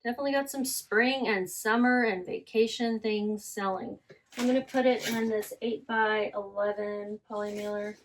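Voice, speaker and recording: Chatting easily about her recent resale sales, an online reseller reads item titles and prices aloud and often corrects herself mid-sentence. Her voice sits in a middle range for a woman, with fairly even intonation and a moderate pace, in a casual selling vlog.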